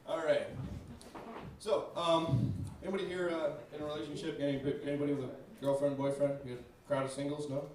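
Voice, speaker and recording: A man's voice: a little high, flat delivery, brisk, darkish tone, slight background noise. A young man performing a stand-up comedy set in a club, brash and profane, talking straight to the crowd. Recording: echoey club, mic far off.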